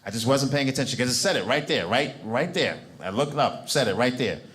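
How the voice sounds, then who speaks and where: A man's voice: mid-range voice, animated, brisk, a bit bright. A man from Brooklyn telling a stand-up story in an emphatic, repetitive way. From Brooklyn, New York. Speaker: stand-up comedian. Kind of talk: stand-up comedy. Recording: noisy club recording.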